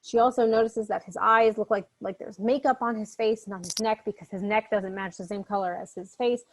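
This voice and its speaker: A woman's voice: mid-range voice, steady tone, brisk, a little hiss or hum. A woman in her thirties, a literature instructor, giving a recorded lecture on a short story. She talks in a casual, chatty way and makes frequent asides.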